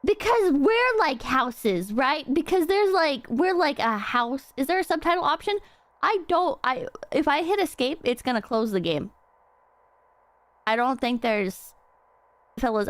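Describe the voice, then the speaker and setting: A woman streaming a horror game, chatting excitably and rambling, swearing freely as she plays. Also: a little high, moderate pace, no echo. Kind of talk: casual game stream chat.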